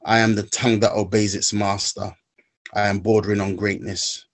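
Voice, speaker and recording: A man reciting a spoken word poem in a measured, rhythmic way, then talking haltingly about his own recovery steps. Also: lowish voice, flat delivery. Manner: halting, searching for words.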